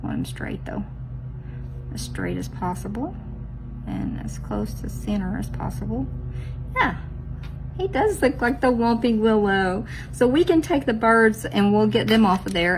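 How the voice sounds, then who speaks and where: A woman's voice: medium pitch, expressive, moderate pace, a little hiss or hum, poor audio. A woman, chatting casually to viewers as she does her nails, teasing herself as she goes. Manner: chatty, self-teasing, talks straight to viewers. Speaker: nail art vlogger. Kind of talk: casual chat while doing nails.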